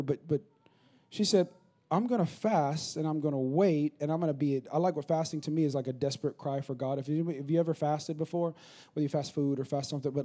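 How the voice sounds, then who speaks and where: Male pastor, thirties, mellow warm tone, slightly high voice, conversational sermon, repeats phrases in fast building runs. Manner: conversational preaching, builds to rapid repetitive crescendos.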